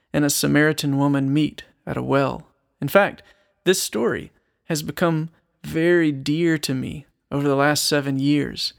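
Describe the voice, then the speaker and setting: Gravelly and on the high side, the voice belongs to a Christian musician and speaker. He reads from a psalm in an earnest, reflective teaching and throws rhetorical questions to his audience.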